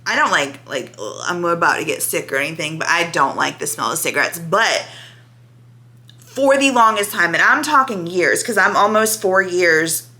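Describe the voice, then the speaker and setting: A woman's voice: fairly low pitch, lively intonation, normal speed, pushed and bright. A woman in her thirties talking candidly and emotionally in a casual reaction vlog to her channel's viewers. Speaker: vlogger.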